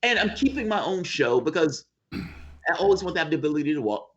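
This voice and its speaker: A man's voice: on the high side, sing-song, brisk, lo-fi sound. A man as guest in a casual political chat over a video call, emphatic and profane.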